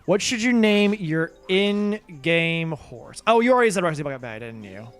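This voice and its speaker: A man's slightly high voice is clear and resonant, with a fairly bright tone, lively intonation, and a moderate pace. During a live gameplay stream he chats casually, drifting between topics, knocking himself, and swearing occasionally. Game music plays softly underneath.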